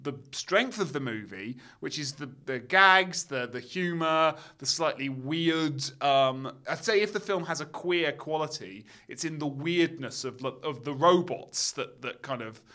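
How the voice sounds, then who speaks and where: A man's voice: on the high side, lively intonation, unhurried, few pauses, bright, forceful tone. A man casually discussing a film, ranting with lots of fillers and restarts. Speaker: podcast co-host, film critic.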